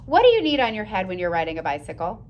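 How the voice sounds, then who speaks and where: A woman's voice: mid-range voice, wildly swooping pitch, darkish tone, a little hiss or hum. Patient woman teaching young children. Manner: patient, encouraging, sounds words out slowly. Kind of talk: early-grades writing lesson.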